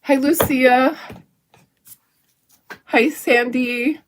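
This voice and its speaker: A woman's voice: high-pitched, fairly even intonation, very slow, a little hiss or hum. A middle-aged woman hosting a craft stream, chatting and telling stories while she paints. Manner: chatty, tells stories while painting and reads viewer comments aloud. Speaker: craft channel host.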